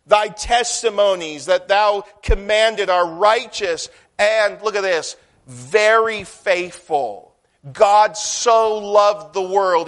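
A man with a high, ringing voice preaches a sermon. He presses hard on key words, then falls soft and low, often repeating a phrase as he gathers force. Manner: emphatic preaching with swells and drops in loudness, repeating phrases.

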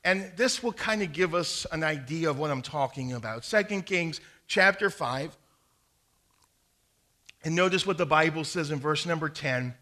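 A man delivers a sermon in a bright, forceful voice that sits a little high for a man. He swings between loud, emphatic stretches and quiet, low asides, with the odd stumble and restart. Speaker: pastor.

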